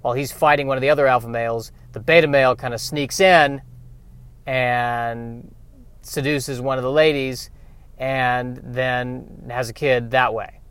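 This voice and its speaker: A man's voice: mid-range voice, fairly even intonation, a little slow, fairly bright tone, clear, resonant tone. A man doing a stand-up monologue, musing in a rambling, self-deprecating way. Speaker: comedian.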